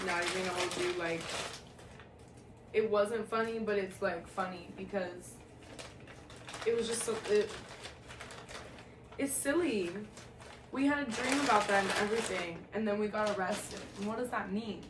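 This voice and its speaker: A young woman telling a personal story in a casual, profane, animated way, often breaking into laughter, recorded at home. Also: medium pitch, a little slow, pauses often. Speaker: storyteller vlogger. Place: at home, indoor room. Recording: echoey room, distant mic, faint hiss.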